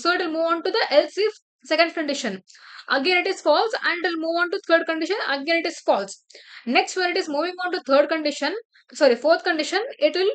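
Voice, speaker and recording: A woman with a high voice walks through a coding tutorial one step at a time. She talks at a desk mic and keeps checking that her listeners follow along. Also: fairly bright tone. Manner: explains step by step, often checks with "right?" and "clear?". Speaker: programming teacher. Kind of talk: screen-share coding tutorial.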